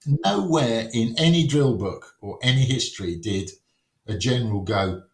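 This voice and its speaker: A man's voice: mid-range voice, animated, moderate pace, gravelly. Wry man in an echoey room. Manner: wry and anecdotal, acts out quotes. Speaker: wargames rules writer, podcast guest. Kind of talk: casual podcast conversation. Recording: roomy echo.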